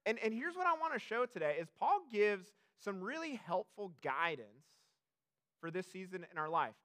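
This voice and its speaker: A man's voice: high-pitched, big pitch swings, normal speed, a bit bright. A young adult man preaching a sermon as pastor, chatty and self-deprecating, with many fillers and restarts.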